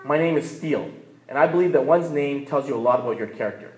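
A man's voice: medium pitch, quick pace, darkish tone, roomy sound, a little hiss or hum, natural voice, rough recording. A man voicing a strong, hulking, self-assured man who boasts about his name. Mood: confident.

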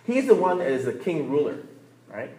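A man's voice: on the high side, very animated, normal speed, dark tone. A man in his thirties preaching a sermon in a conversational way, often checking in with "right?" and laughing between points. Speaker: pastor. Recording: roomy echo.

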